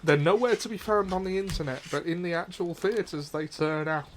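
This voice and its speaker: A chatty man on a gaming livestream, talking casually and laughing easily. His voice sits a little higher than most men's, with faint noise behind him. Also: normal speed. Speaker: streamer co-host. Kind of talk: casual gaming stream chat.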